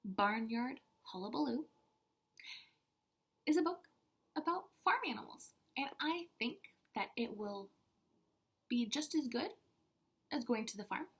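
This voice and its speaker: A woman kindergarten teacher reading a picture book aloud to children, animated with soft-spoken asides. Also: fairly high pitch, measured pace, long pauses, breathy edge.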